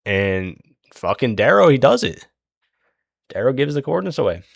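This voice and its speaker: A man's voice: medium pitch, big pitch swings, a little fast, vocal fry, husky, no echo, clean studio sound. A young man retelling a book's plot in a rambling, profane, casual way, full of fillers. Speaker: book recap host.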